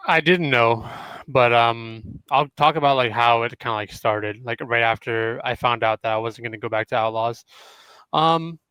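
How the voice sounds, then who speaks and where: A man's voice: medium pitch, normal speed, pushed and bright, smooth, dry recording, poor audio. A man answering podcast questions casually, rambling with many fillers. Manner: rambling, full of "like" and "um". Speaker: former pro player. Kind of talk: casual chat.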